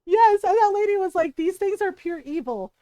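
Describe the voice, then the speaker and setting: Very high-voiced woman telling a story. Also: normal speed, no echo. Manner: animated storytelling, acts out quotes, laughs often. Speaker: streamer. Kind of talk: casual chat while gaming.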